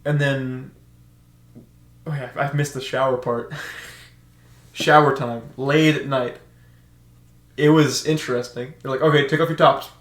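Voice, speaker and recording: A young man on a podcast telling stories in casual chat, animated and laughing often, acting out shouted orders. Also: mid-range voice, takes it slowly, pauses often. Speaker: podcast co-host. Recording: echoey room.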